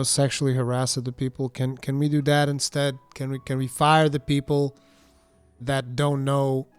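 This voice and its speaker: A man's voice: mid-range voice, clean tone. A man reading a news article aloud and breaking off into sarcastic, exasperated commentary. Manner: sarcastic, exasperated asides between read passages. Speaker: commentary streamer.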